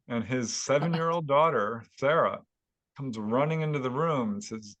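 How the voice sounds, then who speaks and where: A man, a guest author, telling a story at length in a casual interview, animated and laughing now and then. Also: medium pitch, a little slow, dull audio. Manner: animated retelling with chuckles. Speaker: guest author and UFO investigator.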